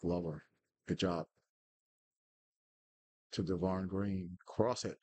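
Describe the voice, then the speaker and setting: Slow-talking man, husky and dry, calls player names tersely while gaming and swears when things go wrong. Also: low voice, steady tone, mellow, no echo. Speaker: podcast host playing a football management game. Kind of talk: casual live commentary on his own game.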